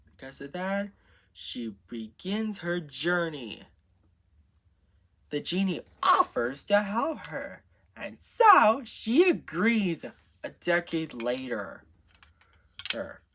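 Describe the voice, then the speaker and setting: A man improvising a story out loud, narrating in a halting way with restarts. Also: on the high side, a little hiss or hum.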